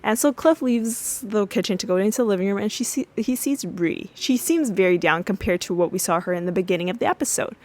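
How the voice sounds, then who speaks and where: A woman's voice: mid-range voice, animated, fast talker, few pauses. Chatty woman podcast host. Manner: chatty, many fillers and restarts, acts out yelled quotes. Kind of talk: casual episode recap.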